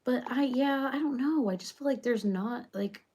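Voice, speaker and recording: A woman playing a rambling reality-show gal with vocal fry. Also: high voice, moderate pace, a little mellow. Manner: rambling, filler-heavy chatter. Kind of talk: comedic parody monologue.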